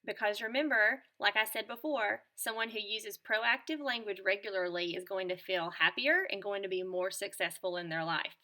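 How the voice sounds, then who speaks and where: Bright, upbeat woman teacher. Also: medium pitch, moderate pace, few pauses. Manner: upbeat, clear, encouraging teacher tone. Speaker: teacher presenting a school morning show lesson. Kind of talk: scripted lesson addressed to children.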